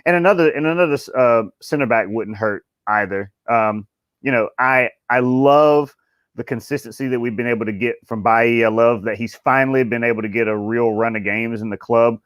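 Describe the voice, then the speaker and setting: A male caller gives his views in an earnest, considered way, often restarting his phrases. His voice sits at a middle pitch. The sound is dry and close. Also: brisk, fairly bright tone, clear, resonant tone, no echo.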